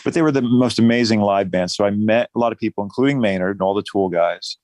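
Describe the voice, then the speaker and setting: A man's voice: lowish voice, fast, darkish tone, no room sound. A middle-aged man from New Jersey, a musician guest telling rambling, self-deprecating stories in a casual interview.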